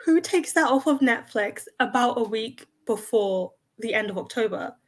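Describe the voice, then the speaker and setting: A woman co-hosting a casual film chat, self-mocking and animated when retelling. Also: on the high side, moderate pace. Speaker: co-host.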